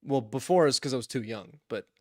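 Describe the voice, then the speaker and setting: A young man casually telling a funny story on a podcast, lively, acting out what others said and laughing often. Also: medium pitch, fairly quick, dry recording, clean studio sound. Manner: animated, acts out quotes in voices, laughs often. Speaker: podcast co-host.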